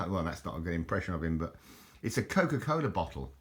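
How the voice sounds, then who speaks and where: A man's voice: low voice, sing-song, fast talker, fairly bright tone. A man chatting casually in a show-and-tell vlog, rambling, correcting himself and stumbling over foreign words. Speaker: vlogger showing his bottle collection.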